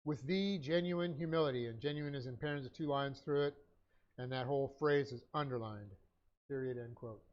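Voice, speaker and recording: A man's voice: mid-range voice, normal speed, a little mellow, muffled recording. A man teaching a Bible class, dictating notes with punctuation and many hesitant fillers.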